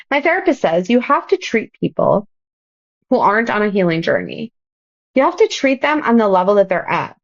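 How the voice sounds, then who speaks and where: A woman in her thirties, a podcast guest, giving earnest, open advice in casual chat. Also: medium pitch. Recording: dull lo-fi podcast audio.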